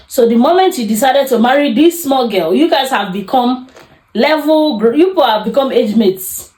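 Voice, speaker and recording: A woman's voice: high voice, moderate pace. A young adult woman hosting a podcast, giving casual relationship advice and acting out quoted arguments. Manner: animated, acts out quoted arguments. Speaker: podcast host. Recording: echoey room.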